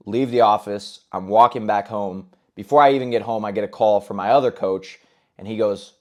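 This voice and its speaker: Low-voiced young man telling his story candidly. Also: moderate pace. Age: 20s. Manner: candid, earnest, conversational. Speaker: self-improvement vlogger. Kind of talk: personal storytelling monologue.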